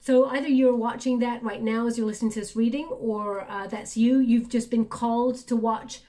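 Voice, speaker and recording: A woman reading tarot cards, speaking in a soft, reassuring, chatty way with many fillers. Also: fairly high pitch, steady tone, moderate pace. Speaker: tarot reader. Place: indoors at a table.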